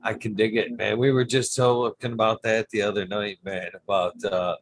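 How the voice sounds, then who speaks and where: A man hosting a podcast, chatting casually and warmly affirming his guest. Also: lowish voice, fairly even intonation, moderate pace. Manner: easygoing, affirming. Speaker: podcast host. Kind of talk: casual chat.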